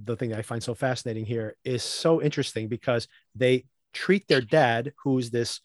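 A man co-hosting a podcast, recapping a TV episode in casual chat, animated and laughing often as he acts out lines. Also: medium pitch, moderate pace, no echo, studio quality. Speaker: podcast co-host.

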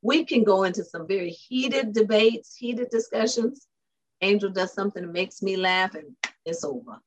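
A married woman in casual chat, telling animated family stories and laughing often. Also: medium pitch, moderate pace, slight background noise.

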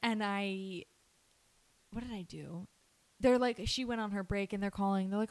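A woman's voice: medium pitch, normal speed. Bubbly young woman, casual chat. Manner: bubbly, animated, laughs often. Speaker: new nurse.

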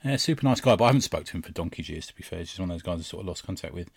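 A man's voice: low-pitched, expressive, very fast, creaky, breathy edge, no room sound, studio quality. A man, co-hosting a casual podcast chat, who laughs often while retelling comic scenes. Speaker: podcast co-host.

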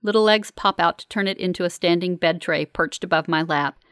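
A woman narrating a first-person novel as an audiobook, in a wry, measured manner. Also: on the low side, fairly bright tone, clear, resonant tone, no echo, studio quality.

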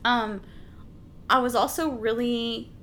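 A woman with a somewhat high voice chatting enthusiastically, laughing and swearing freely. A faint background hiss sits beneath her speech. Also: fairly even intonation, takes it slowly, fairly bright tone. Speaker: podcast co-host discussing a film. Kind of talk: casual chat.

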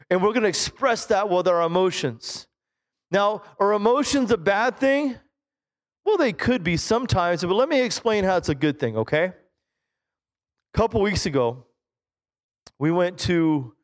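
A middle-aged man, a Pentecostal pastor, preaching a sermon in church, animated, with low asides and sudden shouted exclamations. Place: church sanctuary.

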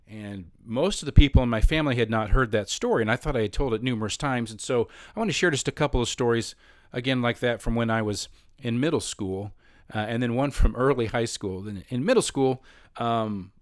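This middle school choir teacher speaks in a mid-range voice, captured at studio quality with no room sound. His personal stories wander, full of restarts and self-corrections, and he livens up whenever he quotes someone.

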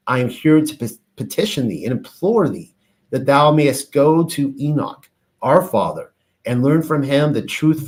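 A man teaching on ancient religious texts, reading passages aloud and then explaining them in a casual, filler-laden way. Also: mid-range voice. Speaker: bible teacher.

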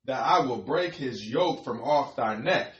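A man reading scripture aloud in a measured, plain and steady way. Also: medium pitch, reverberant, lo-fi sound, slight background noise. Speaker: scripture reader.

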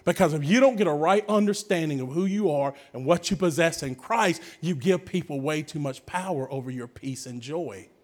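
High-voiced preacher. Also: male voice, moderate pace, few pauses. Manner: energetic preaching with sudden shouts and hushed drops, calls to the congregation. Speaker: pastor. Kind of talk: sermon.

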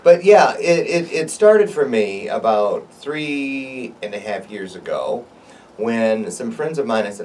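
A man's voice: medium pitch, slow, far from the mic, slight background noise. A man being interviewed as a guest on a talk show, joking and telling stories in a playful way. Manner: playful, joking, animated storyteller. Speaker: guest, public speaking coach. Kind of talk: casual interview chat. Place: radio studio.

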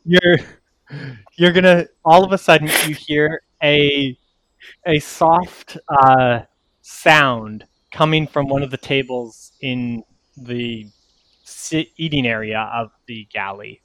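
Slow-talking man running a tabletop game. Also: medium pitch, a bit bright, no room sound. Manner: laughing, loose narration with many fillers. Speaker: game master.

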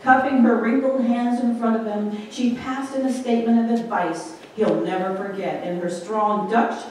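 A woman's voice: a little high, fairly even intonation, normal speed, darkish tone. A woman giving an informal sermon in a conversational way, often asking her listeners questions. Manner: conversational, asks the congregation questions. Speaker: preacher. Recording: very echoey hall, distant mic, faint room noise.

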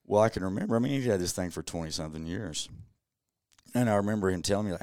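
A man's voice: low-pitched, quick pace, a little mellow, clear, resonant tone, no echo, clean studio sound. A young adult man, telling a personal story as a podcast guest in an earnest, casual way full of "you know.".

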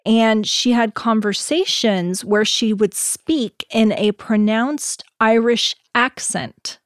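A woman's voice: a little high, slow pace, no room sound, studio quality. A woman hosting a podcast, casually recounting stories with many fillers. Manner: storytelling, laid-back with fillers. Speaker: podcast host.

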